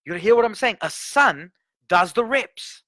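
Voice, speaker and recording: A man preaching a sermon, telling a story with animated voices and building to emphatic points. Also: sits high, a little slow, dry recording. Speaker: guest preacher.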